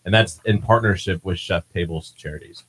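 A man's voice: sits low, brisk, fairly bright tone, slightly rough, rough recording. A man in his thirties co-hosting a morning radio show, playful and laid-back. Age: 30s. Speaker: radio co-host. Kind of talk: casual radio chat. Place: radio studio.

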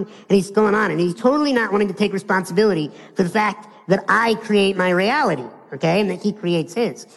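A man's voice: sits high, fairly quick, gravelly, hardly any pauses, big-room sound. An American man giving a live motivational keynote, telling stories playfully and speaking straight to his audience. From United States.

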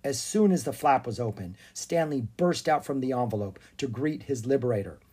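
A narrator reading a children's storybook aloud in an animated, expressive way. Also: medium pitch, moderate pace, husky.

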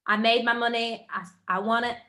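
A young woman who is a guest on a podcast, telling stories in casual chat, animated and quick to laugh. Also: a little high, over a noisy crowd. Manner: animated storyteller, laughs and restarts a lot.

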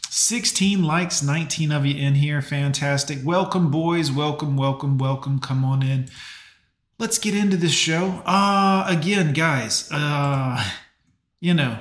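A man's voice: fairly high pitch, measured pace, fairly bright tone, reverberant. A man hosting a live stream, talking casually and rambling with plenty of fillers. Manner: chatty, rambling, lots of fillers. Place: home.

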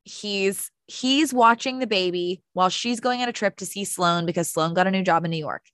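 A woman's voice: medium pitch, moderate pace, a bit bright, dry recording, studio quality. A woman co-hosting a podcast, retelling a TV episode in casual chat and acting out the characters' lines, with lots of "like". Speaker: podcast co-host. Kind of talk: casual chat recapping a TV show.

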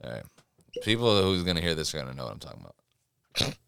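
A man's voice: extremely low pitch, big pitch swings, fast, vocal fry, a bit bright, smooth, no echo. A man co-hosting a casual podcast chat, goofy and playful, who hums nonsense tunes. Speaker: podcast co-host.

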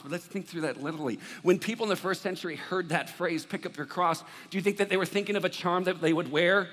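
A male pastor preaching a conversational sermon that swings from hushed, low moments to loud, emphatic ones. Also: fast talker, big-room sound.

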